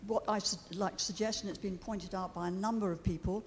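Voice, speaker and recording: A woman's voice: medium pitch, steady tone, quick pace, slight background noise. Woman, middle-aged, earnest public statement with hesitations, echoing chamber. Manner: earnest, hesitant with frequent ums. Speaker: water campaigner addressing a committee. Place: large meeting chamber.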